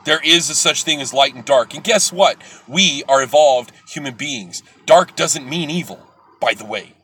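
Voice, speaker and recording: A middle-aged man hosting a live video, talking bluntly and preachily to viewers with some swearing, swinging from loud outbursts to soft, earnest stretches. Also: a little high, normal speed, husky. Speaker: livestream host.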